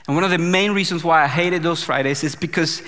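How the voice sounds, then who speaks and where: A man preaching a sermon as pastor, impassioned, building to emphatic peaks and dropping soft. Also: on the high side, a little fast, long reverb tail.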